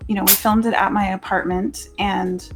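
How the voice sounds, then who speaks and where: A woman's voice: medium pitch, level tone, moderate pace, over music. A woman, a guest on a radio show, chatting in a friendly way and telling stories. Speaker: guest from a music project. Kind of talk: casual radio interview.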